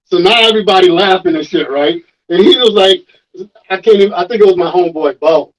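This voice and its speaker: A man with a high-sitting voice speaks fairly quickly on a low-quality recording. He's a rapper appearing as a guest, telling a story in casual, profane chat and acting out the voices of the people involved. His delivery is animated and profane.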